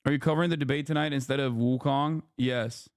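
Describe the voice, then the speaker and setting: A man's voice: medium pitch, steady tone, a little fast, no echo, studio quality. A man in his thirties streaming live commentary, talking in a heated, profane, lecturing way to his chat. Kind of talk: livestream commentary.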